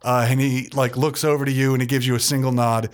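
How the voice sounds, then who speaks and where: A man's voice: mid-range voice, flat delivery, fast talker. A man narrating a tabletop game as game master, in a loose, chatty way with many fillers.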